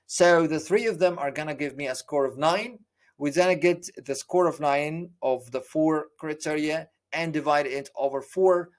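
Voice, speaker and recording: Earnest teacher. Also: male voice, fairly high pitch. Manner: earnest, with frequent fillers and restarts. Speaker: English exam teacher. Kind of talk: lecture explaining a course.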